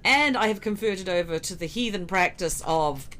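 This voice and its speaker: A woman's voice: mid-range voice, animated, moderate pace, a bit bright, a little hiss or hum. A woman from Britain co-hosting a writing stream, chatting casually and making dry, teasing remarks. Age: 30s or older. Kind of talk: casual live-stream chat.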